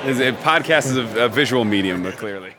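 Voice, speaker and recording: A man's voice: medium pitch, animated, a little fast, noisy background. A man in his thirties, a wrestling broadcaster, chatting cheerfully and earnestly with easy laughs. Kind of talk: casual chat.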